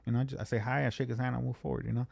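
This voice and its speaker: A man's voice: mid-range voice, little pitch movement, rapid-fire, vocal fry, a little mellow, dry recording. A man from California telling a long story in casual podcast chat, swearing freely and acting out both sides of the conversation.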